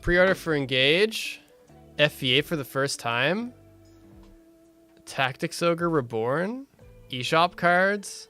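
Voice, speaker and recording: A young man chats loosely on his stream, swearing freely and laughing between stories. His voice sits a bit high and sounds bright and forward. Soft music plays behind him. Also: lively intonation, takes it slowly, long pauses. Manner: laid-back, swears, laughs often, reads chat aloud. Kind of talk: casual stream chat.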